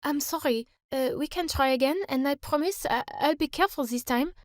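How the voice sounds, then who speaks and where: A woman voicing a sweet teenage girl from France with a French accent, soft and hesitant. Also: high voice, a little fast, dry recording, studio quality, close to an everyday voice. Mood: timid.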